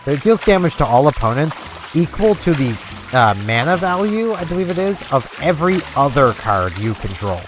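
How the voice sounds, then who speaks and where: Brief: male gaming vlogger, lively pitch, rambling casual chat, game music under it. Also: moderate pace. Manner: rambling, many "like"s and restarts. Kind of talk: casual chat over gameplay.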